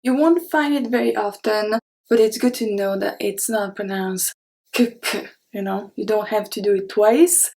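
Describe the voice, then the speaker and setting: A young woman with a French accent teaching French pronunciation, repeating each example word slowly and clearly. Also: medium pitch, darkish tone, low-quality recording. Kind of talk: pronunciation lesson.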